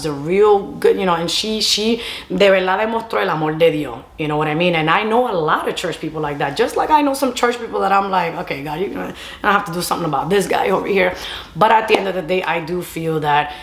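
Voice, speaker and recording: A young woman tells a storytime to camera, chatty and loose, slipping Spanish phrases into her English. Her voice sits a little low for a woman. The room around her gives a noticeable echo. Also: a little fast. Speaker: storytime vlogger. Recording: roomy echo.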